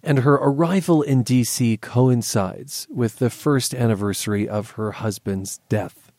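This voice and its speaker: Measured male radio host, dry sound. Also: medium pitch, darkish tone, no room sound. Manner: measured, asking probing questions. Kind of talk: interview.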